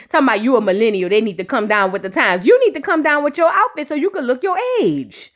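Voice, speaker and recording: A woman's voice: a little high, fast talker, few pauses. A woman giving casual, sassy and profane reaction commentary on a reality show, acting out the cast's lines as she retells them. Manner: sassy, profane, animated retelling with quoted voices. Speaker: reality TV recap host.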